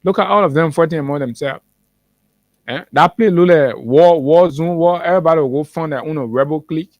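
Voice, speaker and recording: A man's voice: fairly high pitch, brisk, darkish tone, dry recording. A man with a Liberian English accent hosting a morning show, delivering heated political commentary with many fillers and restarts.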